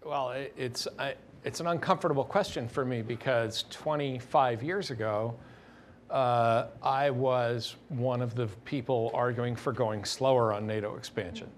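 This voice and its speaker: A man's voice: medium pitch, fairly even intonation, unhurried, a little hiss or hum. A man speaking as a panelist, hesitant and reflective. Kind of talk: panel discussion.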